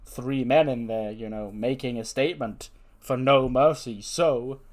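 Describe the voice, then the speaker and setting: A man voicing an officious male wrestling authority figure who makes slow, formal announcements. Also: medium pitch, darkish tone, natural voice. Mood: official.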